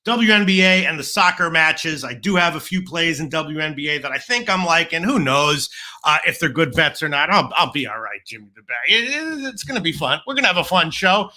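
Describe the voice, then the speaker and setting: A man co-hosting a betting stream from his home studio, rambling and swearing as he talks. His voice is very bright and cutting and sits a bit high. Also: lively intonation, fairly quick. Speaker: co-host. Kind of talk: casual live-stream banter. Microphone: home studio setup.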